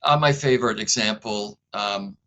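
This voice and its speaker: A man being interviewed as a guest, speaking in a calm, reflective way and sometimes acting out short dialogues between people. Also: on the low side, normal speed, slight background noise, poor audio. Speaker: inventor and guest. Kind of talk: conversational interview.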